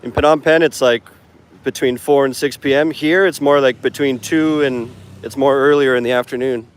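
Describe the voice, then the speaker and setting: A man's voice: mid-range voice, steady tone, normal speed, clear, resonant tone. A man chatting casually in a live stream while walking outdoors along a city street, talking into his phone in a rambling way with lots of fillers. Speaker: English teacher and vlogger. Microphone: phone camera held while walking.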